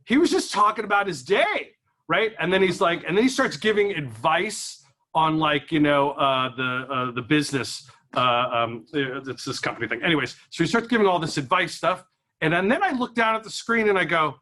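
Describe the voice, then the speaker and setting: A chatty stand-up comic with a high, bright voice rambles through his set at an office gathering. He keeps cracking himself up between lines. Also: expressive, fairly quick. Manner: rambling, chatty, laughs at his own jokes. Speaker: stand-up comedian. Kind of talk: stand-up comedy. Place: office event room.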